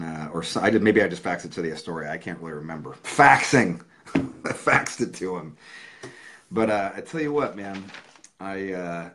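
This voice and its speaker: A man's voice: sits low, fairly bright tone. A man, a musician, talking casually on a livestream and reading aloud a letter he wrote, swearing freely and speaking from the heart. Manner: profane, loose and heartfelt.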